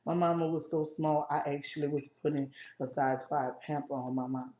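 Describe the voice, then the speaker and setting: A woman co-hosting a casual chat video, telling a personal family story in a halting, emotional way with many restarts. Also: sits low, fairly even intonation, dark tone, echoey room. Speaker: co-host.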